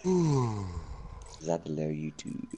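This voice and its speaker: A man's voice: deep voice, big pitch swings, extremely slow, mellow, slight background noise. A man livestreaming a video game, chatting in a friendly way with friends and viewers over a headset. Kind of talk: casual gaming chat.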